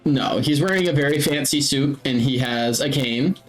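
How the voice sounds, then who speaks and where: A man's voice: mid-range voice, normal speed, faint music behind, rough recording. A man narrating a tabletop game as game master, with frequent hesitant ums.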